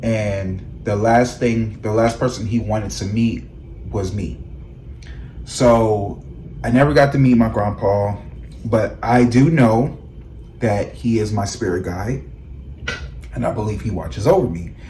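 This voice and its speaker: Animated man telling stories, echoey room. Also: slow, pauses often, a little hiss or hum. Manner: animated, laughs, acts out quoted voices in high shrieks. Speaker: tarot reader and vlog host. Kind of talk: casual storytelling to viewers.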